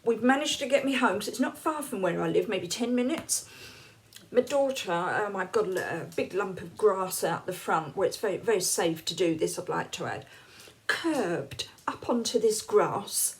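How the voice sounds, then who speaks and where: A woman's voice: medium pitch, animated, normal speed. An English woman in her late fifties, telling stories casually to camera in a chatty, laughing way. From England. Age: late 50s. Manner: chatty, laughs often, acts out quoted lines. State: unwell, feeling hot and cold. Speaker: vlogger.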